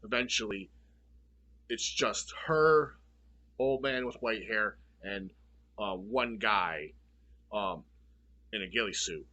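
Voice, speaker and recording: Man, movie reviewer, bright edgy tone with a husky rasp; blunt, profane, fed-up rant. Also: on the low side, slow pace, long pauses. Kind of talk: casual ranting review.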